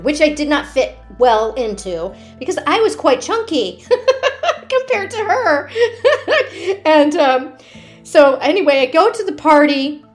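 Speaking in a voice on the high side, this woman, who performs at children's parties, animatedly shares personal stories in a casual way and laughs frequently.

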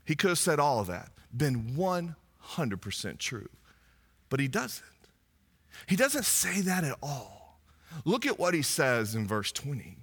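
A male pastor, preaching a sermon in an animated, conversational way full of asides. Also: on the high side, unhurried, slightly rough.

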